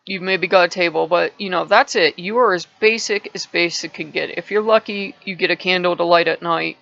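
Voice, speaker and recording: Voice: mid-range voice, a little fast, vocal fry, sharp tone, dull audio. A channel host telling a parable in a casual vlog, rambling and restarting words often.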